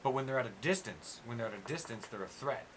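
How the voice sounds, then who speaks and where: A man in casual chat, hosting, ranting loudly and swearing constantly. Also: medium pitch, quick pace, a little hiss or hum. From USA. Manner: profane, ranting, animated. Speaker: host.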